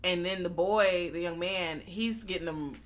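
A woman co-hosting a podcast, recapping a film in animated, profane casual chat and acting out the characters' lines. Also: on the low side, a little slow. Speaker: podcast co-host.

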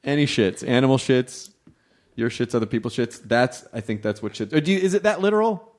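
A man's voice: mid-range voice, lively intonation, a little fast, a little mellow. A man hosting a podcast in casual chat, playful and joking, laughing often. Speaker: podcast host. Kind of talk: casual conversation.

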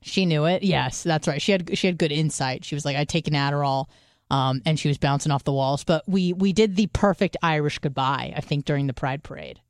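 A woman's voice: low voice, fairly quick, no echo, clean studio sound. A woman co-hosting a podcast, chatting casually, swearing freely and thinking aloud with restarts. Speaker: podcast co-host. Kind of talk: casual chat.

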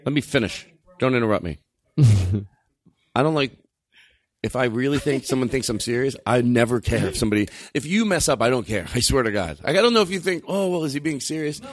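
A man's voice: mid-range voice, brisk, no echo. Guy riffing on a comedy podcast, swears a lot, voice swings all over, dry close sound. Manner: swearing, animated, breaks into laughs. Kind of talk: loose comedic banter with bits.

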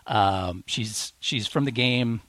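A man co-hosts a podcast, chatting eagerly and rambling along with plenty of fillers and restarts. His voice is mid-range and a bit bright, his pace slow, and the recording dry.

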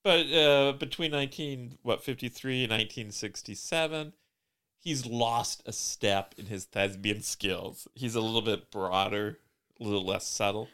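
Dry-witted man with a smooth voice. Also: medium pitch, a little slow. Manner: dry, wry storytelling with deadpan teasing. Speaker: podcast co-host. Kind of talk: casual chat recapping a TV episode.

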